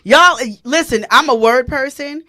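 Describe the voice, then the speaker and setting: A woman hosting a casual online radio talk show, excitable and quick to laugh and exclaim, greeting listeners in the chat. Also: high-pitched. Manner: spells words aloud, reads chat comments.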